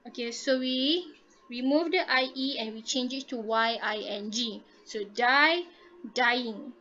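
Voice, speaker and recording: A woman's voice: a little high, takes it slowly, sharp tone. A woman teaching a grammar lesson, patiently repeating rules and checking understanding with frequent "okay?". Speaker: English teacher. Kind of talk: online classroom lesson. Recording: dull lo-fi audio.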